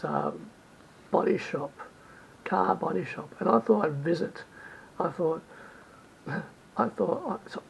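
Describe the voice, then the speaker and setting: A man giving rambling travel advice in a vlog, repeating himself and correcting his words as he goes. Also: vocal fry. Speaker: travel vlogger. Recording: dull lo-fi recording with faint rumble.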